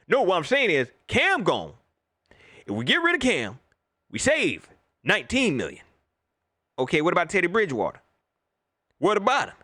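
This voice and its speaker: A man's voice: high voice, huge pitch swings, fairly quick, bright, forceful tone, dry recording, studio quality. A middle-aged man hosting a livestream, ranting animatedly about sports and greeting viewers in the chat by name. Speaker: host. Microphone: laptop mic.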